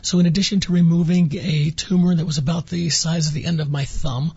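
A man's voice: a little high, steady tone, brisk, gravelly, a little mellow, husky, no echo, muffled recording. A man guest on a radio interview, earnestly recounting his experience and acting out quoted dialogue. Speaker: interview guest, former patient.

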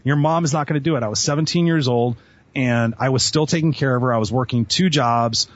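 A man telling his life story as a guest on an interview show, animated and eager, often acting out voices. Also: mid-range voice, a little fast, no room sound. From Southern California. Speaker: podcast guest. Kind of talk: storytelling in conversation. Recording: dull lo-fi sound.

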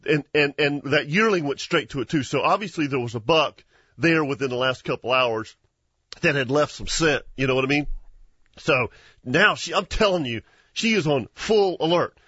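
A husky, slightly high-pitched man spins a lively hunting tale for his show. He laughs often and restarts his sentences. The sound is dry and a bit dull, like a lo-fi studio recording. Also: normal speed, dry recording. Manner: animated storyteller, laughs often, many restarts. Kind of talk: casual storytelling chat.

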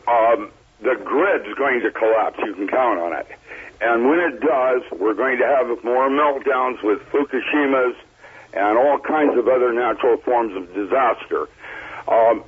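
A man with a very husky, raspy voice talks bluntly as a call-in guest. His voice comes through a thin, tinny phone line from a remote location. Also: mid-range voice. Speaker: interview guest. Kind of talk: phoned-in interview talk. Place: calling in remotely. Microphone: phone or computer line.

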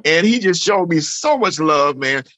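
A man's voice: on the high side, expressive, unhurried, sharp tone, no echo. A man giving an earnest, emphatic personal testimony in an interview, repeating phrases and often saying "man". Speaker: interview guest. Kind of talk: emotional personal testimony in conversation.

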